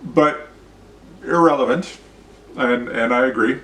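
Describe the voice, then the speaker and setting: Speaking slowly in a medium-pitched, slightly bright voice, a show host from Canada rants bluntly and profanely in an opinion vlog monologue with a demonstration. The mic sits at a distance, giving a roomy sound.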